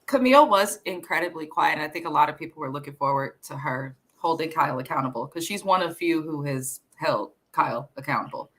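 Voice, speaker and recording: A woman's voice: low-pitched, lively intonation, fairly quick, few pauses, fairly bright tone. A woman hosting a casual show recap, talking bluntly and gossiping with frequent swearing. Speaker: podcast host.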